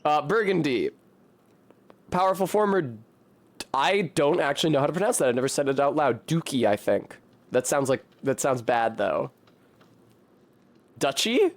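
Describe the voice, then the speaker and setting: A man's voice: fairly high pitch, expressive, moderate pace, long pauses. A man casually commenting on a game he plays, chatty with joking asides. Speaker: streamer. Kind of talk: casual let's-play commentary.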